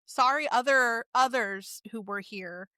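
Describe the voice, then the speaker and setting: A woman co-hosting a casual podcast, candid and chatty, often laughing and filling pauses with "like". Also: on the high side, sharp tone, no echo, studio quality. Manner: candid, frequent laughs, fillers like "like". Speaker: podcast co-host.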